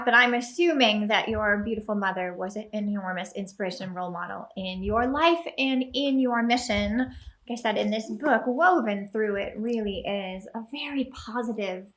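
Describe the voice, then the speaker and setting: A woman's voice: mid-range voice, brisk, fairly bright tone. A woman hosting a podcast interview, reacting with enthusiasm and affirming her guest. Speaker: podcast host. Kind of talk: casual interview chat.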